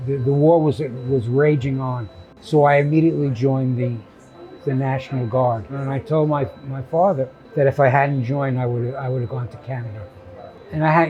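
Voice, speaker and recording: A man's voice: mid-range voice, warm tone. A man in his seventies, a documentary subject who chats through stories, often restarts his sentences, and acts out the people he quotes. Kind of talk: candid interview storytelling.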